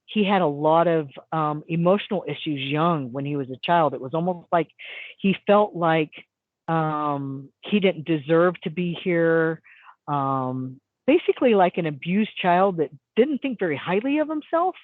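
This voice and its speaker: A middle-aged woman, a hypnotist, telling a story as a guest in an interview, acting out quotes with sudden jumps in pitch and often repeating words as she restarts. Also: a little slow, no echo. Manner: animated, acts out quotes with big pitch jumps. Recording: dry tinny phone-like sound.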